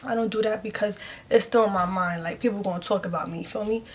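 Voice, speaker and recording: A woman's voice: medium pitch, fast, very noisy. A woman vlogging a casual storytime to her viewers, chatty and emotional, full of "like" and calls of "y'all". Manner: chatty, heavy use of "like", addresses viewers as "y'all"; emotional, speaks openly and earnestly.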